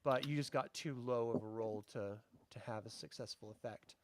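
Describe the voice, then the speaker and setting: A man's voice: mid-range voice, normal speed, a little hiss or hum. A man running a tabletop game as game master, explaining rules and narrating the action.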